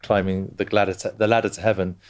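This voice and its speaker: A man's voice: sits low, level tone, fast. A man, a brand co-founder talking as a guest, enthusiastic and rambling with many restarts. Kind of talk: casual conversation.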